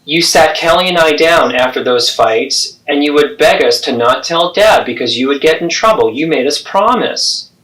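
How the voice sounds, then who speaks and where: A man's voice: on the high side, animated, moderate pace, few pauses, fairly bright tone. A man, therapist and host, acting out an adult child confronting a parent in a role-play, earnest and pleading.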